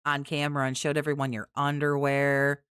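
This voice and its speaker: A woman's voice: low-pitched, monotone, a little fast, a bit bright, clean tone, no echo, studio quality. A woman hosting a commentary channel, cutting into clips with profane, sarcastic, scornful remarks. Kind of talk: mocking clip commentary.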